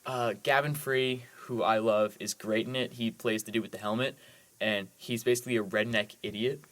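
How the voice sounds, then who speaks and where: With a mid-range, fairly bright voice and a steady tone, this man co-hosts a movie podcast, recapping films at a normal speed. His chat is casual and eager, enthusiastic and rambling, with many "like"s.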